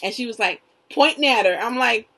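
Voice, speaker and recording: A middle-aged woman co-hosting a podcast, telling stories in expressive casual chat and acting out quotes. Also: fairly high pitch, fairly quick, slightly rough, rough recording. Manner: expressive storyteller, acts out quotes. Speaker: podcast co-host, mother.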